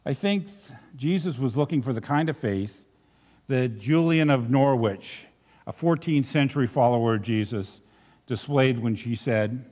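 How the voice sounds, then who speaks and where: A male pastor preaching a sermon in a reflective way, dropping soft and then rising with emphasis. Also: mid-range voice, measured pace. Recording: dull recording with long reverb.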